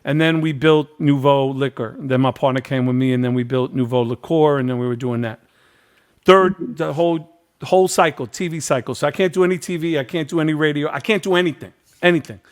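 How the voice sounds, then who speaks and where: A middle-aged podcast host with a fairly high, brisk voice spins a long story in casual chat. He's an animated storyteller who acts out the people he quotes and repeats phrases a lot.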